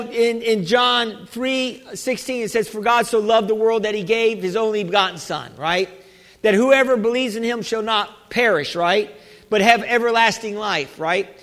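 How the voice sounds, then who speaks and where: A man preaches a sermon in a church, his voice set very high for a man. He halts and restarts often, then rises to shouts. A long reverb from the large hall trails behind every phrase. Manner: halting preacher, many restarts, rising to shouts. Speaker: pastor.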